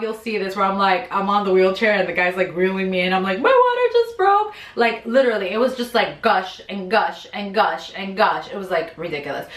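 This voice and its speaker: Young woman chatting away on her vlog, mid pitch, kinda roomy echo. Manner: animated, chatty storytelling with acted-out quotes. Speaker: vlogger. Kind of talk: storytime vlog. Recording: echoey room.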